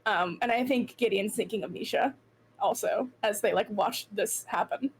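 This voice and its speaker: A woman's voice: mid-range voice, moderate pace, husky. A woman player chatting casually at a tabletop game, thinking aloud with many fillers. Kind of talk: casual chat.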